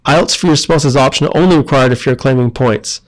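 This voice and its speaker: A man's voice: medium pitch, brisk, poor audio. A man running a live question-and-answer stream, reading viewer comments aloud and answering them in a friendly, chatty way with frequent ums and self-corrections. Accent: Canadian. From Canada.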